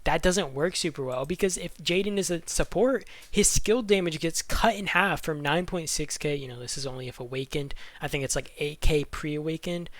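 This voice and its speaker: A man's voice: fairly high pitch, moderate pace, hardly any pauses, a bit bright, no echo. A man giving casual game strategy commentary, rambling with lots of fillers and restarts, out of breath. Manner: rambling, filler-heavy, self-correcting. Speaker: gaming YouTuber.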